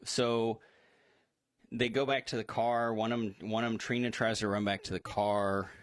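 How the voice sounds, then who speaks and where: A man's voice: fairly low pitch, level tone, normal speed. A man co-hosting a casual horror movie discussion stream, rambling through plot recaps with fillers and laughs. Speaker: podcast co-host.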